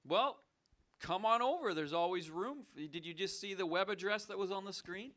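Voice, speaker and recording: A man from the United States hosting a mock call-in show, blustery with wry quick asides. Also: high voice, fairly bright tone.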